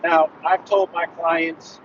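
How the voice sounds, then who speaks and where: A man's voice: fairly high pitch, little pitch movement, slow pace, dull audio, noisy background. A man who works as a personal trainer, chatting casually while he drives, earnest and rambling with lots of fillers. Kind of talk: casual driving vlog, talking while he drives. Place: inside a car.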